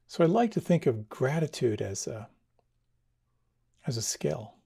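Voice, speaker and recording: A man giving a dharma talk as a meditation teacher, speaking in a gentle, reflective way. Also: mid-range voice, very animated, a little slow, vocal fry, breathy edge. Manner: gentle, reflective, tells stories with quoted dialogue.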